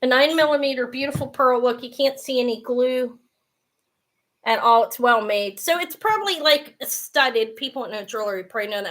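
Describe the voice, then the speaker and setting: A middle-aged woman hosting a live jewelry sale, chatty and self-mocking, swearing freely and breaking into loud laughter. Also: fairly high pitch. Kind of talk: casual live-stream selling.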